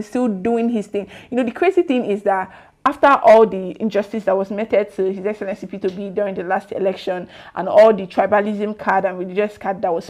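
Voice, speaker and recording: A Nigerian woman speaking at a middle pitch, delivering political commentary as she reacts to posts. She talks conversationally, leans on fillers like "um" and "you know", and lets a sarcastic, opinionated edge come through. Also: a little mellow. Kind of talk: political commentary reading out social media posts.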